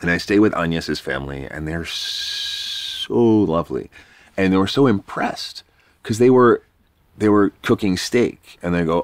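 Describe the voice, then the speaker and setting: A man's voice: deep voice, normal speed, no echo. A man from New York, a podcast guest, telling a rambling, self-deprecating story in a casual, swearing way.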